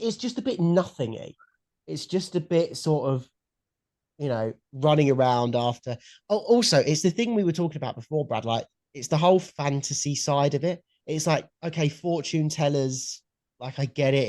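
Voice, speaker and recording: A young man co-hosting a podcast in casual chat, excitable and blunt, swearing freely. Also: medium pitch, moderate pace, dry recording. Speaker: podcast co-host. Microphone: headphones and mic at home.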